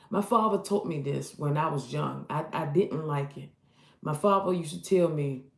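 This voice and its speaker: A woman preaching prophetic advice in an emphatic way, repeating her points and growing loud when she exhorts. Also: low voice, normal speed, vocal fry, roomy sound. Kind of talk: impassioned street-style preaching.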